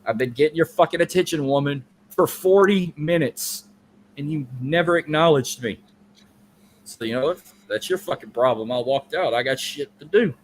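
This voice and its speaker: A man with a voice on the high side co-hosts a podcast, speaking at a moderate pace over slight background noise. He tells a long story in casual, profane, rambling chat.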